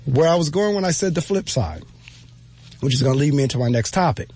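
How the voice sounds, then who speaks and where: A man's voice: a little high, expressive, fast talker, darkish tone, faint music behind. A man giving an earnest spoken reflection, emphatic and repeating his phrases for weight. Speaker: speaker giving a motivational talk.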